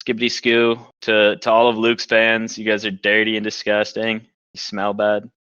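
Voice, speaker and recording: A man's voice: on the low side, moderate pace, clear, resonant tone, no room sound. A young man co-hosting a casual podcast, telling stories animatedly and acting out the other people in them. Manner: animated storyteller, acts out other voices. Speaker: podcast co-host. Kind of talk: casual chat, storytelling. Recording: dull lo-fi sound.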